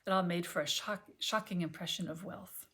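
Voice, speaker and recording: A woman reads an audiobook chapter from her sofa at home. Her voice sits low and her delivery is gentle and measured, slipping at times into a near whisper. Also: fairly even intonation. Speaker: audiobook reader. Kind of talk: audiobook reading.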